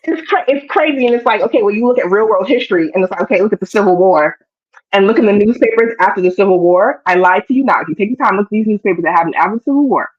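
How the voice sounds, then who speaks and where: A woman co-hosting a casual TV recap chat, animated and slipping into voices to act out the scenes. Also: medium pitch, racing, muffled recording. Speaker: show co-host.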